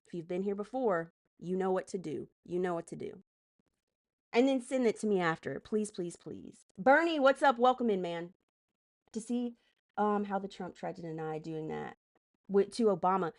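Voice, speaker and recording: A woman live streamer doing political commentary, heated and profane, breaking off to greet chat and direct moderators. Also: mid-range voice. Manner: heated, profane, rapid asides to chat and mods.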